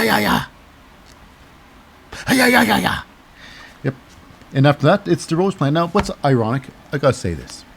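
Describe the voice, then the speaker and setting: A man's voice: mid-range voice, a little mellow. A man hosting a casual wrestling recap, rambling and cynical and full of fillers. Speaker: host.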